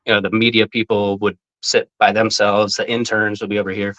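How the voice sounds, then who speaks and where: On a podcast, a guest who used to be a team mascot tells a story a little fast, casual and animated throughout. He curses freely and laughs often, his pitch rising sharply when he imitates what others said. The audio is poor.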